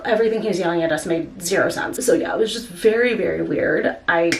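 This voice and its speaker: A woman's voice: on the low side, fast talker, a little hiss or hum. Chatty young woman vlogging. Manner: chatty, many "like" fillers. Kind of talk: casual vlog storytelling.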